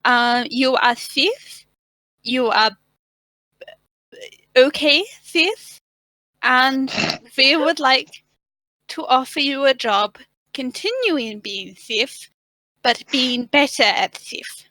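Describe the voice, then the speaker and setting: A woman voicing a priestess who speaks slowly in broken grammar with a wobbly put-on accent, recruiting a thief. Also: high-pitched, lively intonation, fairly bright tone, dry recording, heavily acted, rough recording. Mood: halting. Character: slow, halting priestess recruiting a thief, vaguely threatening.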